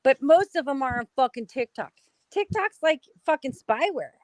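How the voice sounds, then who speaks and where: This is an angry, swearing American woman ranting in casual conversation. Her voice sits on the higher side and is recorded dry and close, with no room sound at all. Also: animated, moderate pace, no echo, rough recording. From United States. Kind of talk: heated casual talk.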